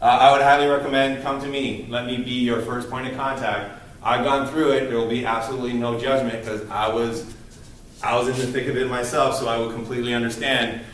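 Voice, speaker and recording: A man's voice: medium pitch, flat delivery, brisk, fairly bright tone. A man lecturing a class in an earnest, emphatic way, often restarting his sentences as he goes. His voice sits in a middle range and is picked up from a distance. A strongly echoing room and a faint background hiss surround him. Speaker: university lecturer. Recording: distant mic in an echoey room.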